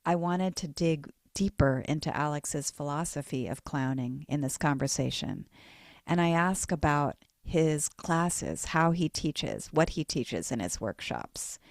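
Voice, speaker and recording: A woman hosting a podcast interview, speaking in an effusive, gently enthusiastic way. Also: low voice, lively intonation, unhurried, no echo, studio quality. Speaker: podcast host.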